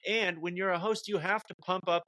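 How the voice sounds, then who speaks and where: A man hosting a comedy podcast, chatting casually and talking through his thoughts out loud in an animated way. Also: high-pitched, a little fast, no echo.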